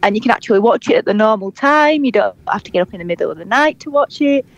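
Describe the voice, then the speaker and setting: A woman's voice: medium pitch, lively intonation, fast talker, dry recording. A woman with a Yorkshire accent from Huddersfield, co-hosting a casual podcast chat remotely, blunt and cheeky with broad northern slang and frequent laughter. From England, Huddersfield. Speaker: podcast co-host. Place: at home in England, calling in remotely.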